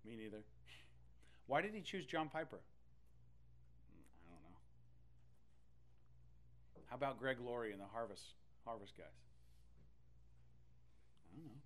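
A man preaching a sermon in an animated, conversational way, with loud bursts and playful asides. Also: mid-range voice, a little slow, long pauses. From Texas. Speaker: pastor.

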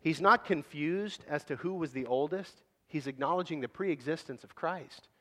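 A man preaching a sermon in a casual, animated way, acting out scenes. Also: a little high, moderate pace, big-room sound. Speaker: pastor.

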